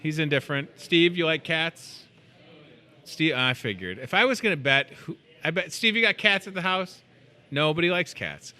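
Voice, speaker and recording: A man's voice: fairly high pitch, animated, normal speed, pushed and bright. A man hosting a live local TV segment, chatty and joking, often mocking himself. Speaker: store TV show host.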